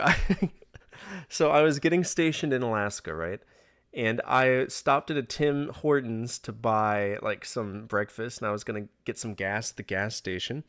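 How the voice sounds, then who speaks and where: A man's voice: medium pitch, fairly bright tone. A man in his thirties streaming a game live, joking, complaining sarcastically and chatting with viewers. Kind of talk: live gameplay commentary. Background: faint game music.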